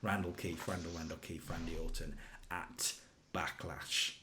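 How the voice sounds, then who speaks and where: Chatty guy with a lowish voice, lively storytelling, tosses in silly voices. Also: heavy background noise. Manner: animated storytelling, does quick character voices in quotes. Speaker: co-host recapping a wrestling sim save. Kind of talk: casual podcast chat.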